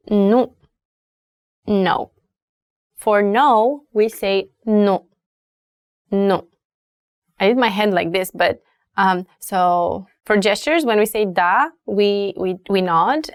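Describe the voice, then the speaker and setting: A young woman with a Romanian accent teaches useful phrases at an unhurried pace, saying each word more than once for learners. Her voice sits in a middle range and is recorded dry and close with no room sound. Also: mid-range voice, no room sound. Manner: slow, repeats phrases for learners. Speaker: language teacher. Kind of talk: language lesson.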